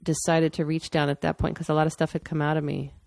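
A woman's voice: deep voice, little pitch movement, fast talker, creaky, a little mellow, dry recording, clean studio sound. A woman telling a personal story candidly and matter-of-factly in casual conversation. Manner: candid, matter-of-fact, with restarts.

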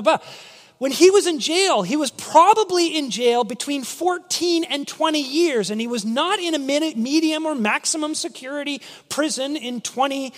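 Man, pastor, sermon, very high voice, animated storytelling, long hall reverb.

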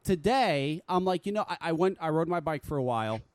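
Male radio host, exasperated profane ranter, lively pitch, dry close sound. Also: brisk, dry recording. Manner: animated, exasperated, swears freely. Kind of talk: casual profane talk radio rant.

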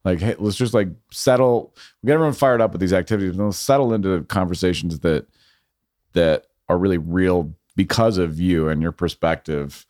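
A man's voice: sits low, normal speed, a little mellow, dry recording, studio quality. A man who is a guest filmmaker on a podcast, talking in a reflective, rambling way in casual conversation. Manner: reflective, rambling with fillers and restarts.

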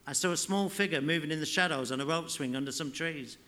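A man reading his fiction aloud at a live literary event, in a measured, unhurried way. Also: a little high, sharp tone. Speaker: author reading.

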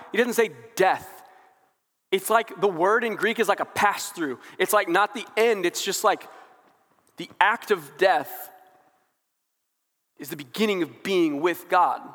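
A man's voice: sits high, a little slow, pauses often, a bit bright. Young man preaching in an echoing church. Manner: conversational, frequent "like" fillers, rising fervor. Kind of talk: sermon.

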